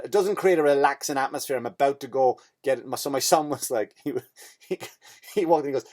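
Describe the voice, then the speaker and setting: A man's voice: medium pitch, a little mellow. Rambling Irish man telling a comic story. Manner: rambling, profane, self-interrupting. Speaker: comedian and podcast host. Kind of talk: comedic storytelling monologue.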